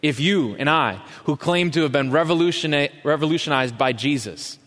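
Pastor preaching in a reverberant hall. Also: male voice, on the high side, expressive, normal speed, few pauses. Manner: impassioned, questioning, swings from loud to hushed. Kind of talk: sermon.

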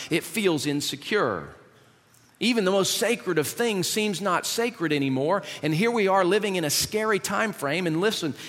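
A male pastor delivers a sermon in a slightly higher voice, conversational and full of rhetorical questions. His voice rings out with the long reverb of a church hall. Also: fairly bright tone.

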